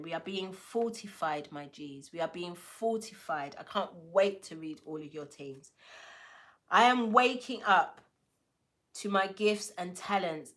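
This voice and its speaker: A woman's voice: fairly low pitch, slow pace, fairly bright tone. A woman giving a casual oracle card reading, playful and affirming, with slangy asides to her viewers. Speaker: tarot and oracle card reader.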